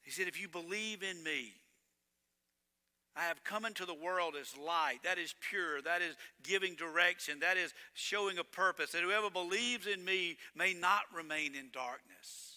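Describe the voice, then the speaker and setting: A man preaching a sermon as pastor, swinging between loud emphatic lines and hushed ones. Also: high voice, normal speed, long reverb tail.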